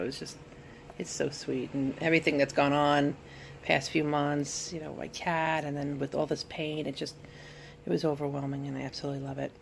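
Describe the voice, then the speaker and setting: A tired woman in pain talks to her camera at home, rambling and halting, with plenty of fillers. Her voice is gravelly with vocal fry. A faint hum of room noise sits behind her. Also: sits low. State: tired and in pain after surgery. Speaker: vlogger. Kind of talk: casual recovery vlog. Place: at home, sitting in bed.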